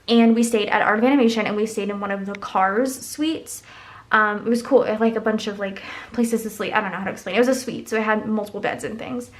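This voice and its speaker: A young woman, chatting and rambling through a story while decorating her planner, filling it with "like". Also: medium pitch. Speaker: planner vlogger.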